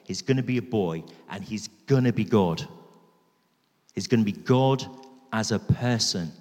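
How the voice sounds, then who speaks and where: A man's voice: on the low side, darkish tone. A man preaching a sermon in a church, emphatic and repeating key phrases for weight. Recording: reverberant church hall.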